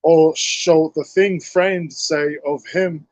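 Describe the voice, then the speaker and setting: Man, scripture reading, slow, halting, fairly high voice, dry sound. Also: steady tone, a little mellow, dry recording. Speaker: scripture reader.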